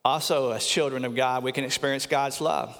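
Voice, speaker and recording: A pastor preaching a sermon with earnest emphasis, slowing down on key phrases and sometimes repeating words. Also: male voice, medium pitch, fairly even intonation, fairly bright tone. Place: church sanctuary. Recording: long church hall reverb.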